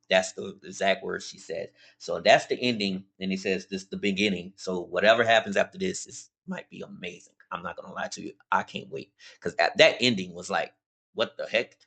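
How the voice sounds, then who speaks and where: A man giving a rambling, animated casual recap of a comic to his viewers, full of restarts. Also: sits low, fairly quick, gravelly, husky. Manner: informal, addresses viewers as y'all. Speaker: comic book reviewer.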